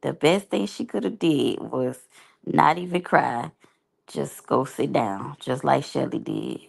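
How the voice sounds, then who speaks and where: A woman's voice: very deep voice, slow, gravelly, husky. A woman giving candid, rambling, slangy commentary as a reality TV reviewer. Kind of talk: casual unscripted commentary.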